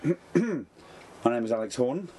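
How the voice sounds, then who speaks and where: A man in his thirties, a comedian guest in an interview, talking in a dry, deadpan, jokey way. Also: mid-range voice, moderate pace, slight background noise. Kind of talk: casual interview chat. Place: backstage dressing room at a festival.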